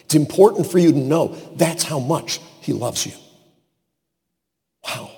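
A man preaching a sermon, swinging between booming emphasis and hushed asides and acting out the voices he quotes. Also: lively intonation, measured pace, vocal fry, in a large hall.

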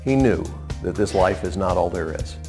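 A man preaching a sermon as pastor, impassioned and climbing to high, emphatic peaks. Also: lively intonation, normal speed, darkish tone, faint music behind.

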